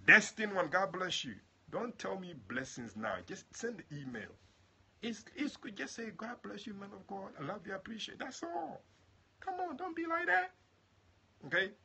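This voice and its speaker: A male prophet and pastor praying and then chatting affectionately with his online viewers, greeting them by name and jumping into high exclamations. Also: pushed and bright, slight background noise. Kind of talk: livestream prayer and chat with viewers.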